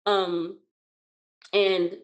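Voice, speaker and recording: A woman who owns a childcare center, guesting on an interview and telling her story in an animated, rambling way, with frequent restarts. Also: on the low side, very slow, highs cut off.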